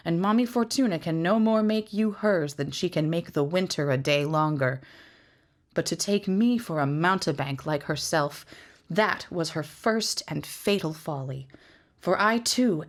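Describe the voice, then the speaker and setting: A woman's voice: lowish voice, lightly acted. Woman reading as Schmendrick, a boastful magician. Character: boastful tall male magician, wry.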